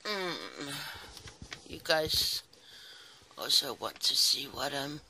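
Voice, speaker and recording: A woman's voice: rumbling low, sing-song, very slow, vocal fry, sharp tone, slight background noise. A woman chatting casually and sleepily while crafting in her small home craft room, rambling with apologetic asides. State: sleepy, early morning. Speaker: crafting vlogger.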